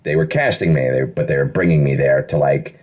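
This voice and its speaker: A middle-aged man, a voice actor, telling stories in a casual interview with an animated, self-deprecating manner. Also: very deep voice, fairly quick. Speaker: voice actor guest.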